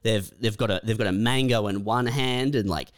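A man's voice: on the low side, moderate pace, clear, resonant tone. A man co-hosting a comedy podcast, talking in a laid-back way, often saying "man" and "uh". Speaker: podcast co-host. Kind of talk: casual podcast chat.

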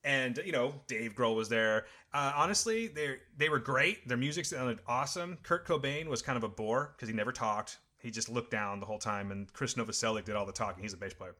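A man's voice: mid-range voice, brisk, few pauses, sharp tone. A middle-aged man in casual chat, telling rambling, enthusiastic stories.

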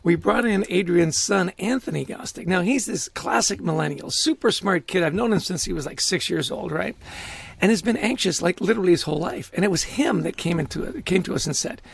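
High, gravelly-voiced man telling stories. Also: brisk, dry recording. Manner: animated storyteller, acts out quotes, laughs often. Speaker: guest author. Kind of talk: conversational podcast interview.

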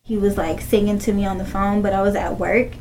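A woman's voice: medium pitch, fairly even intonation, fairly quick, a little mellow, a little hiss or hum, rough recording. A young woman recounting painful events in a casual interview, using "like" often. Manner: casual, heavy use of like, emotional retelling. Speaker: interviewee, victim's partner.

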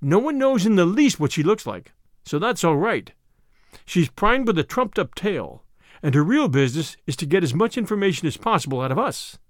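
A man reading aloud as a weary older male spymaster, measured and grave. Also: high-pitched, big pitch swings, no room sound, clean studio sound.

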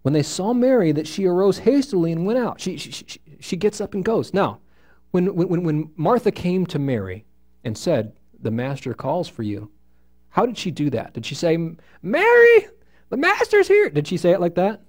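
A man teaching a Bible study to a live group, reading scripture aloud and explaining it in an animated way while asking his listeners questions. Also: on the high side, moderate pace. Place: room with a small group listening.

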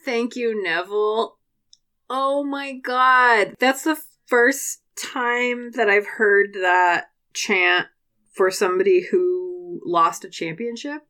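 A young adult woman co-hosting a podcast in casual chat, animated and sweary, laughing often. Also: mid-range voice, takes it slowly, smooth. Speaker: podcast co-host.

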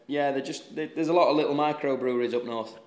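A young man with a Yorkshire accent, a golfer answering interview questions in a relaxed, halting way with many restarts. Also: mid-range voice, roomy sound. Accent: Yorkshire English. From Yorkshire, England.

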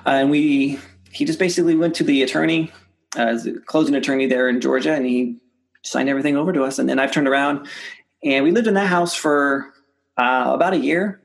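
A man, a real estate investor, telling deal stories in a casual interview, restarting sentences and acting out quoted dialogue in a lively way. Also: brisk, gravelly. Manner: animated, acts out quoted dialogue with rising pitch; many restarts and repeated words.

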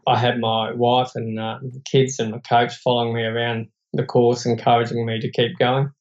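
A man's voice: medium pitch, level tone, moderate pace, muffled recording. Earnest Australian man telling his story. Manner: earnest, reflective, plain-spoken. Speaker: podcast guest. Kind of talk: personal storytelling in an interview.

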